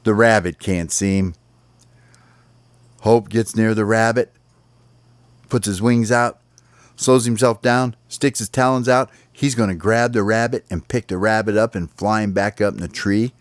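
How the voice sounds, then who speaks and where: A man with a lowish voice telling a lively bedtime story, throwing in sound effects and sighs. The sound is dry and close to the mic. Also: unhurried, dry recording.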